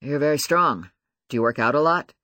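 A man's voice: on the high side, brisk, bright, forceful tone, dry recording. A man voicing a manipulative male doctor who lectures and presses his patient in an audiobook. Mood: stern. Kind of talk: audiobook character voice.

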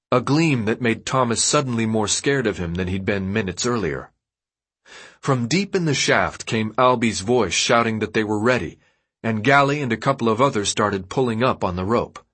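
A man reading an audiobook as narrator, in steady, even storytelling. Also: on the low side, moderate pace, husky. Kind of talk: scripted narration.

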